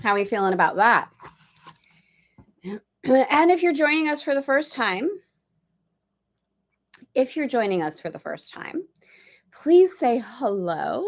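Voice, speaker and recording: A middle-aged woman hosting a spiritual study livestream from a boat, talking in a chatty, upbeat, rambling way with playful asides. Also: fairly high pitch. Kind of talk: casual livestream chat.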